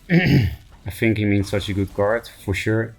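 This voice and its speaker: A man streaming a card game, thinking aloud and mocking himself, hoarse from laughing and often clearing his throat. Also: on the low side, slow. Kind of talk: casual gameplay commentary.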